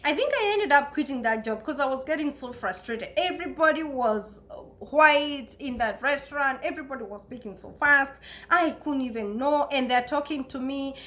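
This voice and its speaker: A Kenyan woman with a high, light voice talks straight to her viewers in a loose, chatty vlog. She is expressive and restarts her sentences often, and laughter keeps bubbling into her storytelling. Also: moderate pace. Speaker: vlogger. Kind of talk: casual storytelling to camera.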